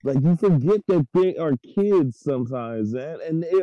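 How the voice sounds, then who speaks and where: A man co-hosting a podcast in casual chat, retelling scenes in a rambling, excited way with lots of fillers. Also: on the high side, normal speed, no room sound, lo-fi sound. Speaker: podcast co-host.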